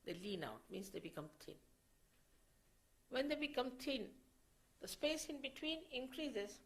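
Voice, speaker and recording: A woman speaking as a spiritual teacher, giving an unscripted lecture in a slow, measured way and often repeating her phrases. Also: on the high side, fairly bright tone, low-quality recording.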